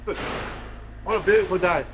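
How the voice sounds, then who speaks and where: A man's voice: high voice, fairly quick. A man with a South London accent bantering breezily and cheekily at a scrapyard. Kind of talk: casual chat. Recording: noisy background.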